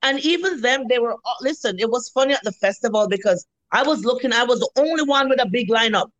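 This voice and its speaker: A woman's voice: on the high side, fast talker, no echo, low-quality recording. Woman, Jamaican accent, fifties, restaurant owner, blunt, salty humor, dry sound. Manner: lively storyteller, blunt and salty, acts out what people said. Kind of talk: casual interview chat.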